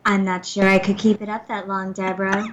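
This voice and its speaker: A young woman from Virginia co-hosting a call-in radio show. She has a soft, breathy voice and a chatty, self-deprecating manner. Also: medium pitch, level tone, fairly quick, lo-fi sound. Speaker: radio co-host. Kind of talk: casual radio chat. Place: radio studio.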